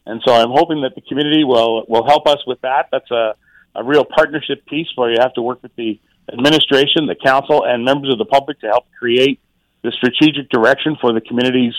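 Middle-aged male guest, casual and halting, many restarts; average pitch, dry sound. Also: no room sound, rough recording. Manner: halting, many repeated words and fillers. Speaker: township mayor, radio guest. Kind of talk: casual radio interview.

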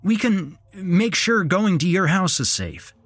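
A man's voice: high-pitched, lively intonation, a little slow, a bit bright, no room sound, pitched above the performer's own voice, full character voice. A man voicing a shaken young man who stammers and forces his words out, in a horror audio story. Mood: urgent. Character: shaken young man, first-person narrator hero.

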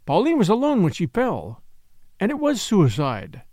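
A man's voice: high voice, huge pitch swings, moderate pace, dark tone, dry recording, studio quality, heavily acted. A man voicing a reformed thief turned detective who speaks impatiently, with a sneer.

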